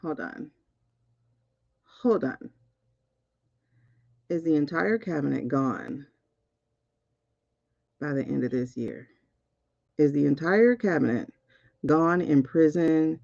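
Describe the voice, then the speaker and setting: Excitable woman spiritual reader, lively pitch. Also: slow pace, gravelly, pauses often, no echo, lo-fi sound. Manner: excitable, keeps repeating "hold on". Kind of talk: casual livestream card reading.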